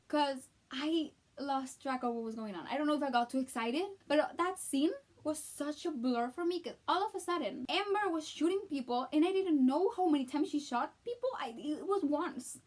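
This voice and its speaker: A woman vlogger talks in a casual, gushing way, with a high voice. She is excitable and keeps acting out her own reactions as she goes. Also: moderate pace, few pauses. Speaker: vlogger reviewing a film. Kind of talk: casual chat.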